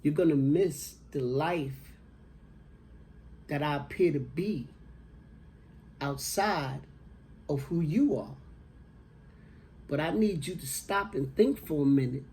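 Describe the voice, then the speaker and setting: A man voicing his dying elderly mother, who speaks slowly, plainly and tenderly but firmly. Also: a little high, warm tone. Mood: calm, firm. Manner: slow, plain-spoken, tender but insistent.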